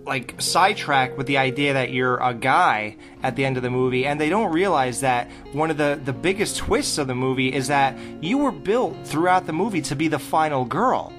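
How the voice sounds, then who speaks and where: A woman co-hosts a casual interview podcast, chatty and quick to laugh. Her voice is very low for a woman, yet it swings widely in pitch. Faint music plays in the background. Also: animated. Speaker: podcast co-host.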